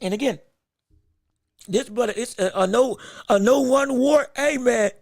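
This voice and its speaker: Man, fight commentary host, emphatic, slangy, raspy, fry in the voice. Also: extremely high pitch, unhurried, no echo. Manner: excitable, emphatic, repeats himself; casual slangy talk. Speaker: podcast host.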